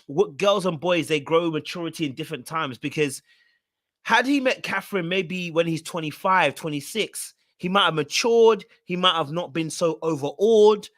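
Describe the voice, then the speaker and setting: A man's voice: a little high, moderate pace, fairly bright tone, no room sound, studio quality. A man hosting a casual reality TV recap. He talks straight to his viewers and repeats words for emphasis.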